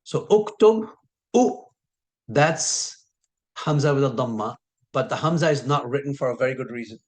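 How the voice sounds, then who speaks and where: A man teaching a recorded lesson who patiently repeats key sounds and draws words out slowly for emphasis. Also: medium pitch. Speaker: Arabic teacher.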